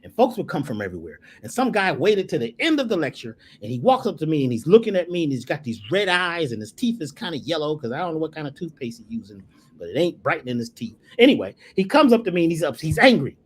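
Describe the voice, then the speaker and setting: A man's voice: fairly high pitch, big pitch swings, quick pace, slight background noise. A man talking as a spiritual teacher, emphatic and preacherly, repeating phrases to drive his points home. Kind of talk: emphatic storytelling in conversation.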